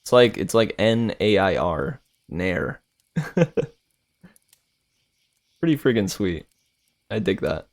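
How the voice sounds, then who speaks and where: A male streamer and voice actor chatting casually with viewers, relaxed and slangy, laughing often. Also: lowish voice, slow pace, long pauses.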